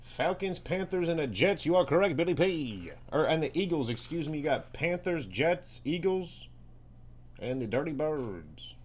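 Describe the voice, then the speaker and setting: A man hosting a live sports card break, reading off names and teams in quick bursts and joking with viewers between pulls. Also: a little high, lively intonation, a little mellow. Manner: rapid-fire listing of names and teams, hyped and joking.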